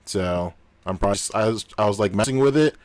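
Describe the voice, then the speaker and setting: A man with a low, deep voice chatting casually as a podcast co-host. His delivery is loose and profane, broken up by frequent laughter. The sound is dry and close, with no room around it. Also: quick pace, darkish tone, dry recording. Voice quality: unusually deep on this mic. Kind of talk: casual chat.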